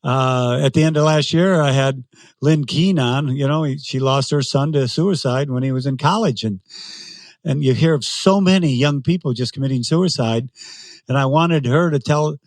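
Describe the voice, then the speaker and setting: Animated older man, dry close sound. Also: medium pitch, moderate pace, dry recording. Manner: animated storyteller who laughs often. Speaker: guest, race announcer. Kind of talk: casual interview storytelling.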